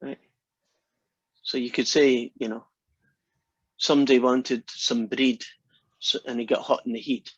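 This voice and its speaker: A man's voice: mid-range voice, little pitch movement, unhurried, pauses often, husky, no echo, muffled recording. A Scottish man giving a math lecture in a classroom, chatty and often restarting his sentences. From Scotland.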